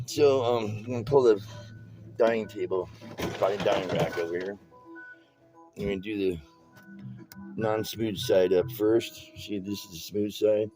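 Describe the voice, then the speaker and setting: A man's voice: medium pitch, poor audio. A man who tells meandering stories while showing how to tie-dye a shirt, using casual, streetwise speech and often restarting his sentences. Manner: rambling, restarts and drifts between stories. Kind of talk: storytelling while demonstrating a craft.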